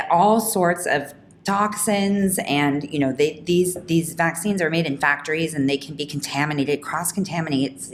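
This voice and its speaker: A woman hosting a podcast, telling a personal story in an animated, emphatic way, with quick restarts. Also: a little hiss or hum. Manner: animated, fast talking with frequent restarts; emphatic, rising pitch when indignant. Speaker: podcast host.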